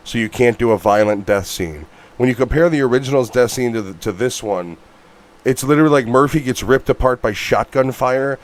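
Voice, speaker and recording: A man co-hosting a casual movie review podcast who talks bluntly, swears a lot and gets worked up. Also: mid-range voice. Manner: blunt, swears often, animated rants. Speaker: podcast co-host.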